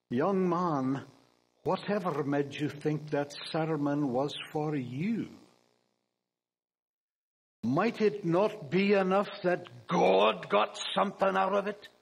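A firm, measured older Scottish preacher, as a male pastor imitates him in his sermon. He speaks slowly, in a raised register, with a gentle sternness behind each phrase. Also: on the high side, creaky, slightly rough, full character voice, low-quality recording.

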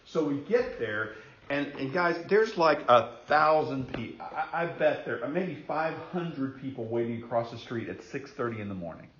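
A man preaching a sermon as a pastor, telling personal stories in an animated, conversational way. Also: mid-range voice, moderate pace. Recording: roomy echo, dull lo-fi sound, faint noise.

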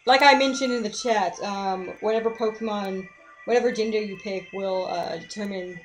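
A woman's voice: medium pitch, moderate pace, over music. A young woman chatting casually and giggling while she streams a game from home and reads its on-screen text aloud.

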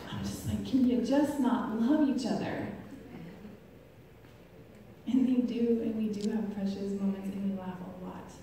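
A woman's voice: mid-range voice, darkish tone. Woman speaking in an echoey hall. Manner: chatty, laughs often at her own stories. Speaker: speaker giving a personal faith testimony. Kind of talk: testimony talk to a live audience. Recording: echoey hall from far off, faint noise.

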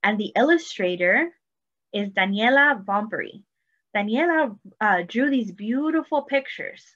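A woman preschool teacher reading a picture book aloud, speaking slowly and encouragingly to young children. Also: a little high, animated, a bit bright, highs cut off. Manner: slow, sing-song, encouraging teacher talk. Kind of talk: storybook read-aloud lesson.

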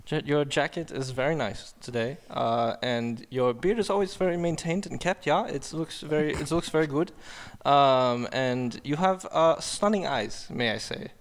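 A man's voice: on the high side, normal speed, hardly any pauses, lightly acted. Man putting on a German accent. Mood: mock-formal. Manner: earnest, formal compliments. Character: young man speaking in a put-on German accent. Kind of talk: podcast bit.

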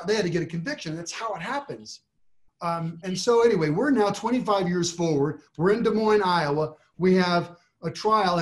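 A man, a trial lawyer, telling a story in a panel discussion, animated, with frequent restarts and rising emphasis. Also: high voice.

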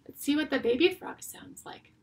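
A woman teaching an online music class for young children, talking in a slow, sing-song way with drawn-out phrases. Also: high-pitched, very noisy.

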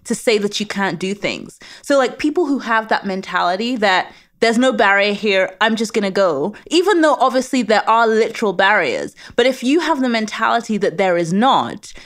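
A woman's voice: medium pitch, lively intonation, normal speed, few pauses, fairly bright tone. A woman with a British accent, a guest in an interview, speaking in a confident, emphatic, motivational way. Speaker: guest, space lawyer. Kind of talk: interview conversation.

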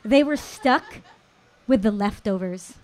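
A woman in her thirties telling a personal story live on stage at a small venue, slow and deliberate with dramatic pauses. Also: medium pitch, a little mellow, a little hiss or hum. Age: 30s.

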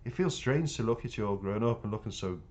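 A man voicing gruff street lad. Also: lowish voice, animated, quick pace, darkish tone, lightly acted. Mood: teasing. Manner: gruff, commanding. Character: tough street-gang boy Buster, bossy.

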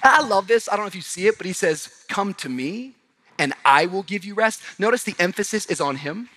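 A male pastor with a high, bright, forceful voice delivers a sermon in a church. He swings between shouting and near-whispered lines. His pace is quick and conversational. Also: expressive. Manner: passionate, swings from shouting to hushed. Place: large church auditorium.

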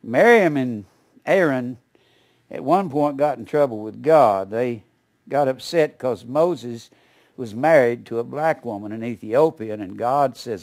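An older man leads a Bible study in an easy, folksy manner. He wanders into asides and chuckles at his own stories. His voice sits at an ordinary middle pitch. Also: expressive, a little slow, a little mellow. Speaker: Bible teacher. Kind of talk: conversational Bible study teaching.

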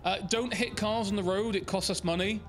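A man's voice: high-pitched, fairly even intonation, brisk, faint music behind. A young man, giggling and bossing his friend around as a mock foreman in a co-op game. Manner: giggly, bossy, plays the foreman. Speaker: co-player. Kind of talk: casual gaming banter.

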